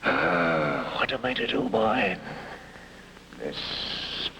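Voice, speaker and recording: A man's voice: low voice, sing-song, very slow, bright, forceful tone, slight background noise, heavily acted, rough recording. An actor playing a frightened, hunted blind man in a 1960s TV drama, pleading and stammering, often dropping to worried half-whispers. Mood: desperate. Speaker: lead actor.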